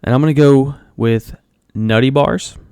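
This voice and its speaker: A man co-hosting a podcast in casual chat, playful and expressive, swearing casually. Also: mid-range voice, unhurried, clean tone. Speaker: podcast co-host.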